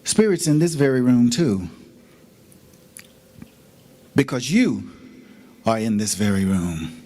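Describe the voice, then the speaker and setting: A man's voice: mid-range voice, lively intonation, takes it slowly, mellow. A middle-aged man giving an inspirational sermon as a guest speaker, telling his story dramatically and acting out the voices in it.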